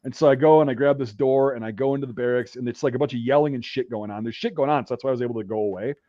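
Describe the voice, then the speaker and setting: A man's voice: mid-range voice, racing, dark tone, no echo. A man hosting a podcast, telling a rambling war story in casual, profanity-heavy talk. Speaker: podcast host. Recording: dull dry recording.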